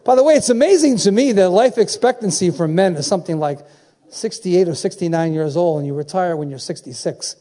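A man's voice: high-pitched, expressive, fairly quick, dark tone. A man in his seventies preaching a sermon, emphatic, repeating phrases and calling out to his congregation. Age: 70s.

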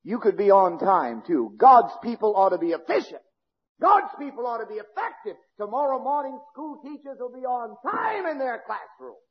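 A male pastor preaching a fiery sermon, swinging between shouting and low, intense speech, in a church sanctuary. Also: sing-song, moderate pace, slightly rough. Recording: dull lo-fi recording with long hall reverb.

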